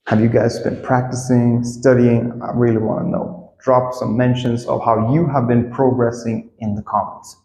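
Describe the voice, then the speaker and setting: Slow-talking man teaching English phrases. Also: medium pitch, reverberant, big-room sound, a little hiss or hum, low-quality recording. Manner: friendly, repeats example phrases with lively acted-out intonation. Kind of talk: casual spoken English lesson.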